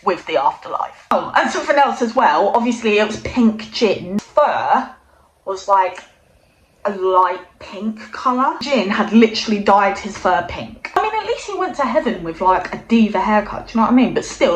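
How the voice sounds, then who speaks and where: A young woman casually telling a comic story, swearing often in a deadpan way. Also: mid-range voice, a little hiss or hum. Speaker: vlogger. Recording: roomy echo.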